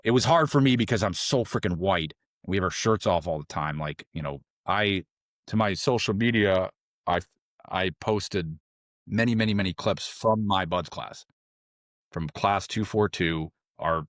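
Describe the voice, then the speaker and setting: A middle-aged man on a podcast, telling a long story in a rambling, animated way, full of fillers and restarts, and jumping into a high voice when he quotes others. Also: no echo, clean studio sound. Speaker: podcast guest, former SEAL trainee. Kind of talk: casual storytelling interview.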